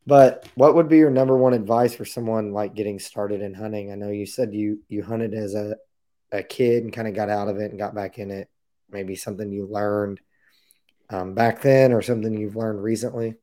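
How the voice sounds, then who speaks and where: A man with a hoarse, raspy voice hosts a casual podcast interview. He talks in a relaxed, chatty way with plenty of fillers. His voice sits low and has a mellow, dark tone. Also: moderate pace. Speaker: podcast host.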